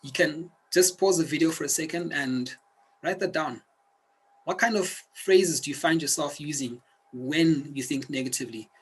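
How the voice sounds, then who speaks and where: A man's voice: on the high side, moderate pace, breathy edge, poor audio. A man teaching a self-help video lesson, speaking earnestly and directly to the viewer like a coach. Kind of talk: instructional video talk.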